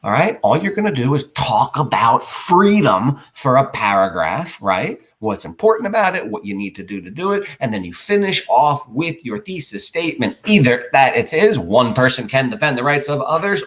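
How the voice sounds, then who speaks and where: A male teacher giving a writing lesson in an animated way, acting out small examples for his students. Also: medium pitch. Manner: animated, playfully acts out examples.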